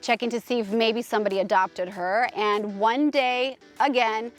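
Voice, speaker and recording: A woman host rambles through a personal story in a casual, gushing, emphatic way, full of restarts and fillers. Her voice is a little high, steady in tone and moderate in pace, with soft music in the background.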